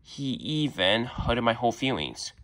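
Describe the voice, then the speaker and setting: A man's voice: medium pitch, very animated, unhurried, fairly bright tone. A man voicing a young girl YouTuber who whines and pleads, barely shifting his own voice. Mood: hurt.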